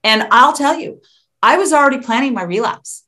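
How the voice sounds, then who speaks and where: A woman in her fifties speaking openly as an interview guest, frank and quick to laugh, with some stumbling restarts. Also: sits high, lively intonation, sharp tone. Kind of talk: candid interview conversation.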